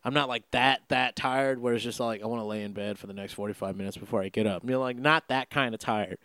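Rambling profane young man, smooth voice. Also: medium pitch, steady tone, fast, sharp tone, no echo. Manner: profane, heavy filler words, meandering. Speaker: podcast host. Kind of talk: casual rambling monologue.

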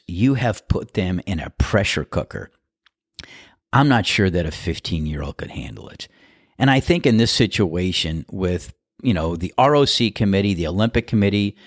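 Emphatic low-voiced middle-aged man. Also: no echo, clean studio sound. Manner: emphatic, indignant, swinging pitch for emphasis. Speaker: podcast host. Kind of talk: opinionated sports commentary.

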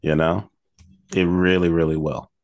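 A man with a very low, deep voice talks through his football picks with easy confidence, reasoning out loud and pausing as he thinks. His voice sounds dry and close, with no room behind it. He sounds like the regular co-host of a casual sports betting show. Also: flat delivery, no room sound.

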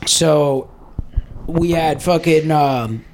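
Excitable, profane young man. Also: a little high, drawn-out words, slight background noise. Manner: profane, excitable, laughs while telling stories. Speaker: podcast host. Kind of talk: casual storytelling chat.

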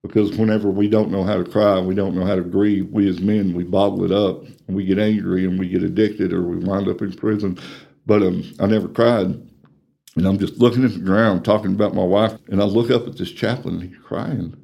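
Interviewed about his life, a middle-aged ministry coordinator from Texas, USA, talks in a drawl, fairly quickly and with fairly even intonation. His plain, earnest voice is low, dark, and gravelly with fry, and he goes hushed during painful parts.

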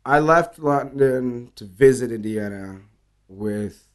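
A man's voice: mid-range voice, slow pace. A man talking casually in an interview, telling bar stories with lots of swearing and acting out quoted dialogue. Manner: animated storyteller, acts out quoted dialogue, swears freely. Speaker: bartender guest.

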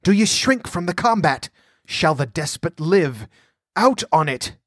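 A man's voice: medium pitch, slow, bright, forceful tone, no room sound, clean studio sound. A man voicing a frenzied young male minstrel who screams wild accusations.

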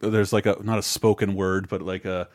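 A man's voice: sits low, little pitch movement, moderate pace, darkish tone, no echo, clean studio sound. Guy in his 30s rambling on a podcast, swears a lot, keeps restarting sentences. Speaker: podcast co-host. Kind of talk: casual chat.

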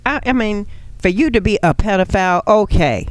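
Brief: indignant middle-aged co-host, lively swinging voice, dry studio sound. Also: female voice, medium pitch, no room sound. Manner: indignant, exasperated, quick to laugh. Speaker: radio co-host. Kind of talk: talk radio banter.

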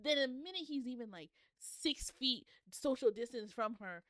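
A woman's voice: a little high, lively intonation, normal speed, fairly bright tone. A woman chats with her co-host about a book, making dry, teasing comments about the characters. Her voice is captured close, with no room echo. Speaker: book club podcast co-host. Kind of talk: casual chat recapping a novel.

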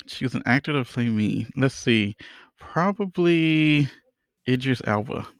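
A man from Louisiana speaks as a podcast guest, relaxed and self-deprecating. His mid-pitched voice has a gravelly edge, and the sound is close and dry. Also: slow, no room sound. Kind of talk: casual interview chat.

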